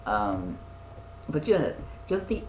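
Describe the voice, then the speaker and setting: A man's voice: a little high, very animated, slow, darkish tone, slight background noise. Rambling young man in an echoey room. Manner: rambling, swears, many fillers and restarts. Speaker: podcast co-host. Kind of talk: casual chat.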